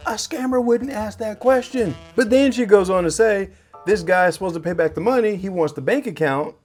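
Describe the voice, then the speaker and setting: A man who works in cybersecurity, telling a scam story to his viewers in a lively way. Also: brisk, faint music behind. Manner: lively, swings pitch and loudness when acting out chats. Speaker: cybersecurity vlogger. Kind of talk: animated storytelling to camera.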